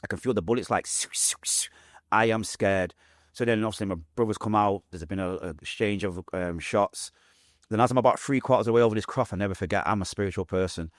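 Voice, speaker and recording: A young adult man with a Manchester accent, telling his own story as a podcast guest, fast and vivid, acting out what people said. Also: lowish voice, dry recording, clean studio sound. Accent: Mancunian English. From Manchester, England.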